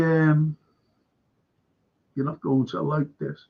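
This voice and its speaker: A man with a Liverpool accent rants to his live stream, cursing constantly as he rambles from one grievance to the next. His voice sits a little high and sounds gravelly and husky. The audio is dull and lo-fi. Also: flat delivery, a little slow, long pauses, a little mellow. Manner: swears heavily, rambling and heated. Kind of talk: casual rant to a live stream.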